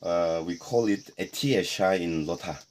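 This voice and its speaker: Low-voiced man giving a tour. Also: a little slow, a little hiss or hum. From Nagaland, India. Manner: relaxed, explanatory, playful asides. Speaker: tour guide. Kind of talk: casual guided tour. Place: indoor heritage house.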